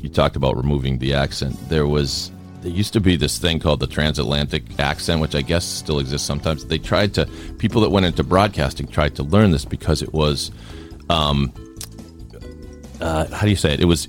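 A man with an extremely low voice chats his way through a podcast interview, rambling and restarting as he goes. He grew up around Boston, and faint music sits under the talk. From Boston area. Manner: chatty, rambling with fillers and restarts. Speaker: podcast host. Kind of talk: casual interview chat.

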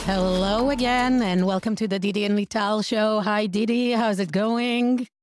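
A woman's voice: medium pitch, fairly even intonation, moderate pace, no echo, faint music behind. Upbeat woman hosting a podcast, dry. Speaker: podcast co-host.

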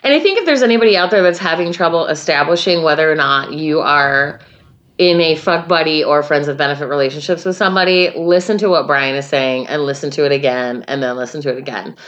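A woman's voice: sits low, quick pace, a bit bright, dull audio. A woman co-hosting a podcast in casual chat, teasing and laughing often, talking into a microphone. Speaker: podcast co-host. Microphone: studio microphone.

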